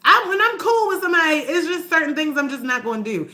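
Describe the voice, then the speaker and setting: A middle-aged woman livestreams to her viewers in a high-pitched, fast, pushed and bright voice with big pitch swings. She talks candidly and emotionally, rambling with slang and profanity in casual livestream talk.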